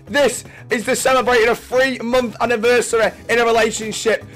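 Excitable young male gaming streamer. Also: very high-pitched, brisk, faint music behind. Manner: swearing, shouting in excitement. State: voice going hoarse. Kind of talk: excited gameplay commentary.

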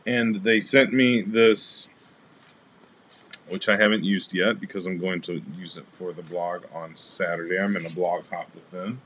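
A man's voice: low voice, a little slow, slight background noise. A man hosting a casual crafting livestream, chatting with viewers and greeting them by name as he shows his cards. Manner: relaxed, rambling with fillers.

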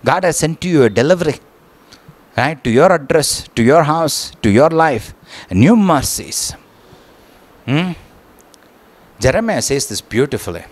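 A man's voice: fairly high pitch, sing-song, unhurried, pauses often. A male pastor preaching a sermon, often asking "right?" and repeating words as he goes.

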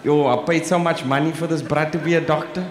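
A man's voice: fairly high pitch, fairly even intonation, a little fast, a little hiss or hum, pitched below the performer's own voice, natural voice. Guy playing his grumbly let-down dad, stern older man, echoey hall. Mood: disappointed. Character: disappointed older father, stern surgeon.

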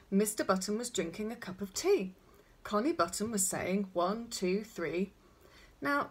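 A woman's voice: a little high, husky. A woman reading a children's story aloud, chatting directly to young listeners.

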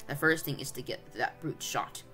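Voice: medium pitch, moderate pace, pushed and bright, faint music behind, natural voice. A reader voicing a greedy, self-important English uncle of sixty who blusters and gloats, in a storybook reading. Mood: gloating. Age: 60s. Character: excitable greedy old English uncle, male.

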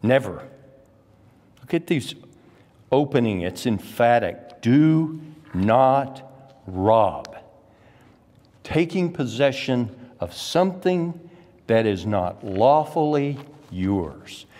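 Slow, emphatic preacher in a reverberant hall. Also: male voice, medium pitch, sing-song, darkish tone. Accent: Texan. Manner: emphatic, slow deliberate preaching with rising exclamations. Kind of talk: sermon. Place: church sanctuary.

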